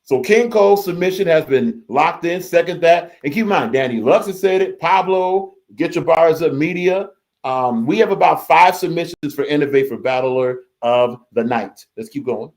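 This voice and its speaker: A man's voice: fairly high pitch, moderate pace, darkish tone. A man hosting a casual live reaction stream, reading viewer comments aloud and repeating his phrases as he goes. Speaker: livestream host reading chat.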